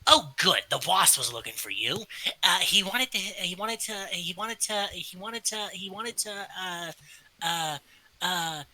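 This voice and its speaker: A man voicing a small excitable male kobold who stammers and repeats words, in a tabletop game. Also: high-pitched, unhurried, voice pushed up, full character voice, low-quality recording. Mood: flustered.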